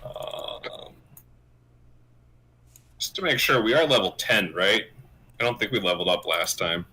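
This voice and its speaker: Male tabletop player, bright husky voice, lively pitch, asks lots of questions. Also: unhurried. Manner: inquisitive, checks details with the group. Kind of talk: casual game-table chat.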